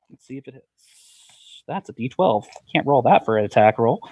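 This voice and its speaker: Lively, animated male player. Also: medium pitch, no echo, highs cut off. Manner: lively, laughing, quick to cheer others. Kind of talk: tabletop game play.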